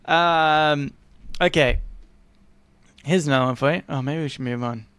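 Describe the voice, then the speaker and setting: A man's voice: on the high side, unhurried, a bit bright, no room sound. An Australian man co-hosting a podcast, reading posts aloud and chatting in an easygoing way, laughing often. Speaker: podcast co-host.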